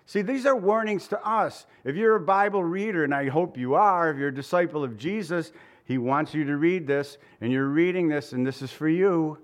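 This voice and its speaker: Preaching at a moderate pace, this pastor talks to his congregation with a fairly high, earnest, conversational voice. He seems worn out and near tears, slipping laughter between his points as he pushes the people listening.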